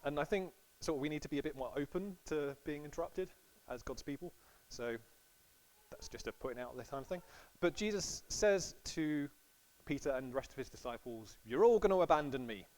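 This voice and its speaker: A man's voice: on the high side, animated, moderate pace, a little mellow, poor audio. A man preaching a sermon in a casual, storytelling way, acting out quotes playfully.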